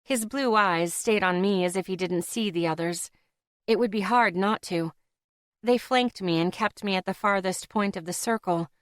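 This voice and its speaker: A woman's voice: medium pitch, normal speed, no room sound. Woman narrating an audiobook, dry close. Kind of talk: first-person audiobook narration.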